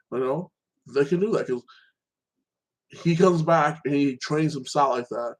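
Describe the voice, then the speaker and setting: Man, host, casual solo chat, rambling, repeats "like that", mid pitch. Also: rough recording. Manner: rambling, repeats "like that" and "you know". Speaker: show host.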